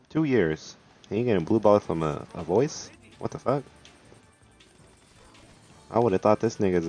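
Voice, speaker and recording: A man's voice: low voice, darkish tone. A young man streaming live, telling a rambling, profane story in casual chat, full of "like", with faint music behind him.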